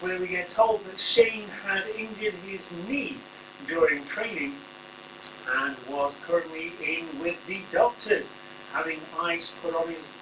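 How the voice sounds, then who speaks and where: A man hosting a casual, rambling spoken review full of jokey asides. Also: a little high. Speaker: wrestling reviewer, channel host. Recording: echoey room, distant mic, faint hum.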